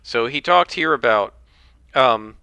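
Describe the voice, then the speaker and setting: A man's voice: mid-range voice, animated, slow pace, gravelly, sharp tone, smooth, no echo. A man hosting a casual solo podcast, rambling and opinionated as he comments on a list. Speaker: podcast host.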